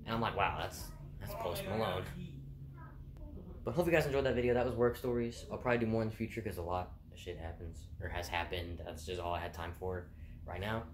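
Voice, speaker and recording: A man's voice: sits low, brisk, crowd noise. A young man vlogging, telling stories from his job casually, laughing often and swearing freely. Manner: laughing, animated and profane. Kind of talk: casual storytelling. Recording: roomy with faint background noise.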